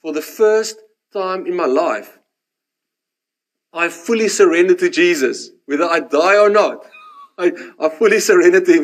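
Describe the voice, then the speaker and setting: A man delivers a sermon through his own story. His voice sits fairly high. He gets animated at the dramatic moments and drops to a hush when he turns reflective. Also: normal speed, pauses often. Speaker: preacher. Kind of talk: sermon with personal testimony.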